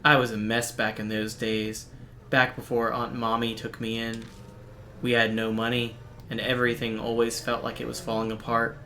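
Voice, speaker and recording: A man streaming a game, reading its visual novel text aloud in a steady, even narration broken by quick, dry asides. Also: medium pitch, a little hiss or hum. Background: faint game music.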